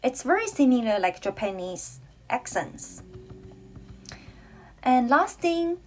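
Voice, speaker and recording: A woman from Taiwan with a Taiwanese accent, whose first language is Taiwanese Hokkien, teaching a language lesson slowly and carefully, repeating phrases for the learner. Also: sits high, big pitch swings, darkish tone, poor audio.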